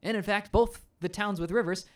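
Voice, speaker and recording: A fussy Welsh army captain rattles on in an excited lecture, as a man puts him on. The voice jumps well above the speaker's own and gets louder, every point pressed hard. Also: sits high, slow pace, pitched above the performer's own voice. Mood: ranting. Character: pedantic male Welsh army captain, rambling.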